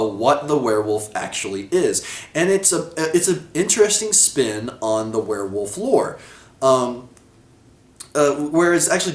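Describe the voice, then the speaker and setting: A man giving a casual video review of a TV episode, rambling, correcting himself and laughing often. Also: medium pitch. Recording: echoey room.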